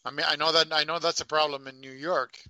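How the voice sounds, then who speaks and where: A man's voice: fairly high pitch, little pitch movement, bright, forceful tone, no echo. A man co-hosting a radio talk show, asking questions and musing in casual chat. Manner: asks questions, thinks aloud with pauses.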